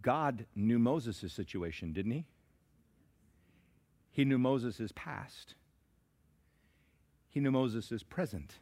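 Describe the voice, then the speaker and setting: A man preaching a sermon as pastor, swinging between shouted climaxes and hushed, slow asides. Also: mid-range voice, animated. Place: church sanctuary.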